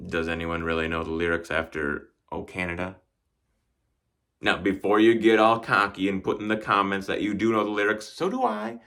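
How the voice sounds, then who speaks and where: A man's voice: low-pitched, fairly even intonation, normal speed, a bit bright. A man from northern Wisconsin performing a stand-up comedy routine with a dry, wry delivery. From northern Wisconsin, United States. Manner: dry wry delivery, acting out quoted voices.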